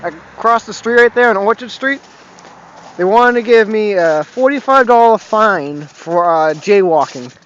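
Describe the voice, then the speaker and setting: A young Massachusetts man vlogs casually, rambling, swearing and chuckling about his run-ins with the cops. His high, expressive voice has a fairly bright tone and a measured pace. The home video audio is dull and lo-fi, with faint noise.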